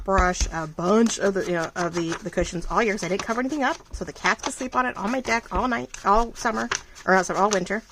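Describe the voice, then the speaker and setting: A woman's voice: mid-range voice, background noise. A woman vlogger chatting casually while she crafts, thinking aloud and restarting her sentences as she goes.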